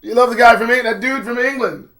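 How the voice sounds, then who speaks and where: A man's voice: very high voice, fast, pushed and bright, a little hiss or hum. A middle-aged man hosting a live-stream commentary show, rambling and profane, greeting chat viewers by name. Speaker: host.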